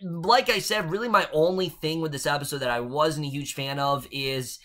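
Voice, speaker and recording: A man's voice: fairly high pitch, normal speed, fairly bright tone. A young man recapping and reviewing a TV episode in casual chat, opinionated and sometimes sarcastic. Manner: chatty, opinionated, sarcastic asides.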